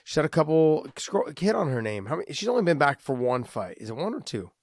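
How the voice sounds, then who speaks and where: A man's voice: a little high, sing-song, quick pace, dry recording, clean studio sound. A man co-hosting a fight podcast, rambling and joking in casual chat. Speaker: podcast co-host.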